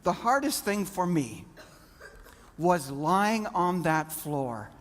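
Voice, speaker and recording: Animated, slow-talking male keynote speaker. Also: on the high side. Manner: animated, dramatic pauses. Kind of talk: motivational keynote storytelling.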